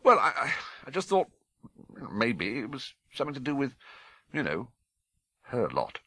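A man's voice: medium pitch, wildly swooping pitch, unhurried, sharp tone, slightly rough, no room sound, pitched above the performer's own voice, heavily acted. A British man voicing a nervous, stuffy middle-aged homeowner who stammers and hesitates.

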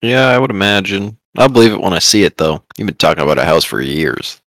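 A man's voice: sits low, fast talker, a bit bright, no room sound. A man co-hosting a podcast, chatting casually in an easygoing way and laughing often. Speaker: podcast co-host. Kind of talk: casual chat.

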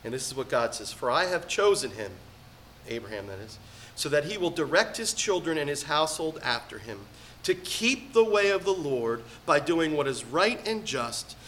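A middle-aged man preaching a sermon as pastor, swinging between loud emphatic peaks and quiet asides. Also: on the high side, expressive, normal speed, a little hiss or hum.

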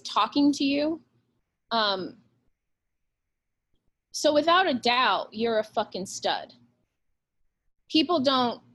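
A woman's voice: fairly high pitch, fairly bright tone. A woman, a real estate agent talking bluntly and with plenty of swearing in a casual podcast interview. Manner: blunt and profane, fast-flowing pep talk.

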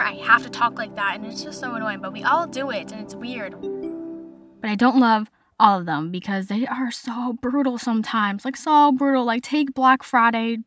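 A young woman hosting a podcast, telling stories in a chatty, casual way, full of "like" fillers. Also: a little high. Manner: chatty, lots of "like" fillers, animated retelling. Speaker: podcast host. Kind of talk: casual storytelling monologue.

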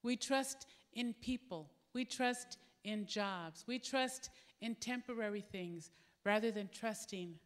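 A woman's voice: medium pitch, slow. A middle-aged woman preaching a sermon, candid and earnest, telling stories. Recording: echoey hall.

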